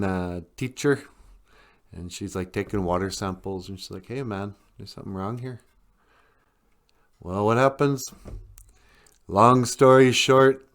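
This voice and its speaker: A man hosting a podcast, casually retelling a story in a rambling, chuckling way. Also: lowish voice. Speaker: podcast host.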